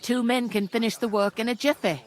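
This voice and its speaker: A woman voicing a brisk, no-nonsense village tavern keeper in a video game. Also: on the high side, steady tone, close to an everyday voice. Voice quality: blunt, no-nonsense.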